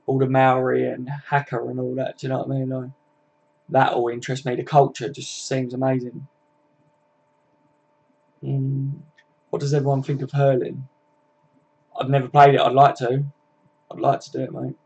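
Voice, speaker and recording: A man's voice: medium pitch, monotone, moderate pace, creaky, long pauses, a little mellow, slightly rough. A man with a Scouse accent chatting bluntly on a live fan stream, reading viewers' comments out and swearing freely. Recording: dull lo-fi stream audio.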